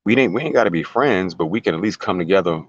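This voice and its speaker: An American man with a low-pitched voice speaks as an interview guest, casual yet emphatic, repeating words and firing off rhetorical questions. The recording sounds dry and dull.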